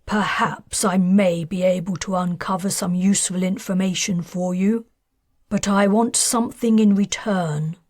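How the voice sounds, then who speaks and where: Woman narrator plays a firm, controlled man striking a deal; slow and deliberate. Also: high-pitched, steady tone, dry recording, clean studio sound. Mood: bargaining. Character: guarded, bargaining upper-class man.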